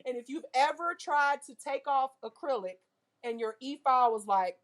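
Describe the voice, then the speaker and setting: Lively woman teaching a nail class. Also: high voice, moderate pace. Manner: lively, asks the class questions, uses car comparisons. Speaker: nail instructor. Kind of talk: classroom lecture.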